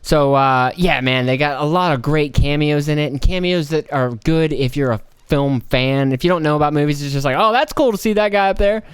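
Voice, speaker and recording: A man's voice: fairly high pitch, fairly quick, few pauses, smooth, no echo, clean studio sound. An American man hosting a casual solo podcast, rambling and profane, slipping into mocking put-on voices. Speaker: podcast host.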